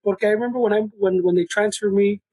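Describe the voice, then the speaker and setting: A man's voice: high-pitched, steady tone, fast talker, warm tone, dry recording, poor audio. A man with a Chicano English accent, co-hosting a casual podcast conversation. He tells stories with plenty of cursing over a video call and mixes Spanish into his English. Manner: profane, laughing storytelling. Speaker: podcast co-host.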